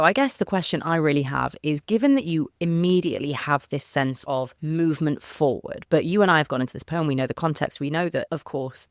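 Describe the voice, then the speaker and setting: A woman co-hosting a poetry podcast, discussing a poem in a thoughtful, expressive, enthusiastic way. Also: low-pitched, dry recording, clean studio sound. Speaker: podcast co-host. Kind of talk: conversational poetry analysis.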